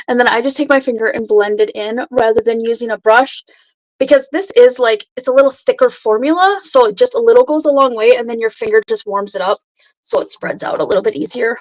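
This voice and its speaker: A woman's voice: a little high, a little fast, rough recording. Chatty woman hosting a late-night makeup livestream. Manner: chatty, greets viewers by name, says "freaking" often. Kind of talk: casual livestream chat and makeup tutorial. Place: home at night.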